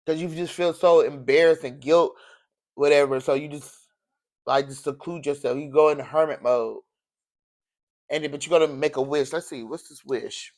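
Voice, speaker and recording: A man's voice: a little high, steady tone, normal speed, a little mellow. Preachy, emotional man reading tarot. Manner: emotional, preachy, repeats phrases. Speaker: tarot reader.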